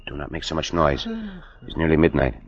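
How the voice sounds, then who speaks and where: An actor playing a dashing Mexican caballero hero with a Spanish accent, speaking in a courtly, commanding way in 1940s radio acting. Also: male voice, a bass voice, fairly even intonation, a little fast, a loud crowd. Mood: hushed, cautious. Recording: dull lo-fi old radio recording.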